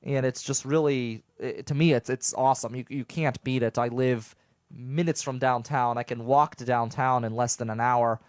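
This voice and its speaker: A young man from southwestern Pennsylvania hosts his own radio show from a home studio, chatting casually and animatedly with listeners while rambling through jokes and stammered restarts. His voice is medium-pitched, clear and resonant, with fairly even intonation and a moderate pace. The recording is dry, with clean studio sound.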